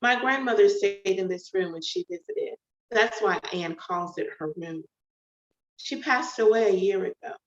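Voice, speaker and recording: A man's voice: high voice, animated, normal speed. A woman voicing a cocky, guarded young man in an audiobook-style reading, speaking in a curt, dry way. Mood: quiet. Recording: echoey, dull home recording.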